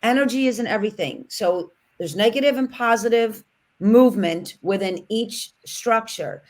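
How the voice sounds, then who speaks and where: A woman's voice: fairly high pitch, animated, normal speed, a little mellow. A woman on a casual podcast, speaking reflectively and building her points in long flowing lists.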